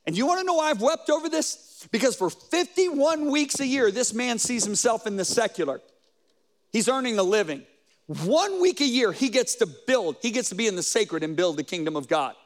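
A man's voice: very high voice, sing-song, moderate pace. A man preaching a sermon, telling stories and quoting conversations, with frequent rhetorical questions.

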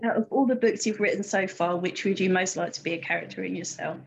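A woman's voice: lowish voice, quick pace, vocal fry. A woman interviewing an author, asking questions in a playful, teasing way. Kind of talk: casual interview chat. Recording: dull lo-fi line with faint noise.

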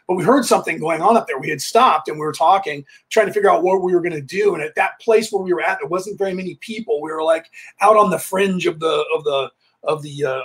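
A man's voice: fairly high pitch, husky. A man hosting a podcast, telling casual anecdotes and re-enacting the dialogue as he goes. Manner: animated, re-enacts dialogue while telling stories. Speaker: podcast host.

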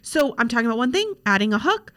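Very animated, fast, and forceful, a young woman speaks in a slightly high, bright voice. She hosts a podcast as a social media coach from her home desk and laptop, chatting frankly with many fillers.

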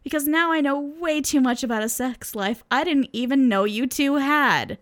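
A woman's voice: on the high side, animated, moderate pace. A woman reading aloud the lines of an exasperated young man who is fed up and horrified. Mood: indignant. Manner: raised, indignant outbursts.

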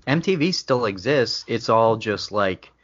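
A man's voice: fairly low pitch, expressive, a little slow, fairly bright tone, lo-fi sound. A man co-hosting a podcast in casual comedy chat, telling stories in a dry, matter-of-fact way. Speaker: podcast co-host.

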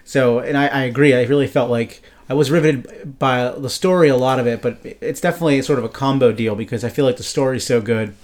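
A man chats about a novel on a podcast, keen and a little rambling. His sentences loop back with "like" and "you know". His voice sits at an ordinary middle pitch. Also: a little fast, hardly any pauses, darkish tone. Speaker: podcast co-host. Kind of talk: casual book discussion.

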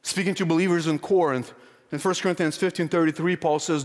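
High-voiced male preacher in a reverberant hall. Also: fairly even intonation, a little mellow. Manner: slows and drops low for scripture quotes; earnest, emphatic, rhetorical questions. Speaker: pastor. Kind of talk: sermon.

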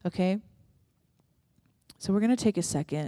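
A woman's voice: medium pitch, moderate pace, a little mellow, no room sound. Earnest woman preaching, dry sound. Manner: earnest, conversational, with restarts. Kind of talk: sermon with prayer. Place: church room with audience.

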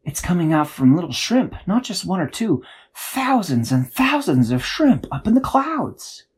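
Storybook magic girl man reading; soft, low-key, husky warmth. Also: big pitch swings, a little slow, exaggerated voice. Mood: hushed.

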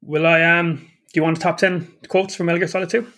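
A man's voice: a little high, little pitch movement, a little fast, pushed and bright. An Irish man co-hosting a casual chat, joking, profane and laughing often. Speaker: podcast co-host.

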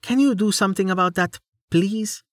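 A man reading aloud, voicing a calm armored female warrior with a lifted, gentle voice. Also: sits high, normal speed, dry recording, studio quality, voice pushed up.

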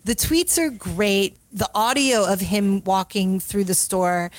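A woman hosting a podcast, telling a story in an animated, chatty way. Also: medium pitch, slow, dry recording, rough recording. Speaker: podcast host. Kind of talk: casual conversation.

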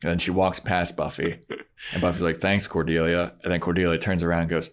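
A man in casual chat, recapping a TV episode and acting out the characters as he retells it. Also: fast talker. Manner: animated retelling, voicing characters with pitch jumps. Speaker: podcast co-host recapping a TV episode.

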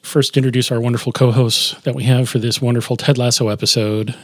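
A man's voice: medium pitch, little pitch movement, fast talker, dry recording, clean studio sound. A man hosting a casual podcast chat, explaining at length with frequent restarts. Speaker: podcast host.

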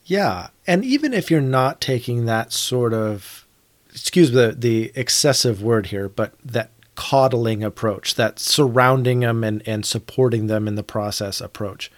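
A man's voice: medium pitch, a little slow, dry recording. A man in his thirties co-hosting a podcast, talking earnestly and thinking aloud, sometimes restarting his sentences. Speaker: podcast co-host. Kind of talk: reflective conversational discussion.

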